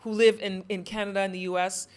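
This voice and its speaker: A woman born in Ghana hosting an interview, talking in an animated, storytelling way. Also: medium pitch, quick pace. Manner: animated, storytelling, rising emphasis. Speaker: host. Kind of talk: casual interview chat.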